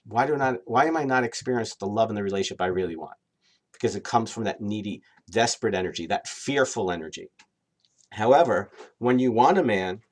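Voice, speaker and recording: Animated male dating coach. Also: mid-range voice. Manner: animated, acts out quoted inner voices. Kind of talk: direct-to-camera advice talk.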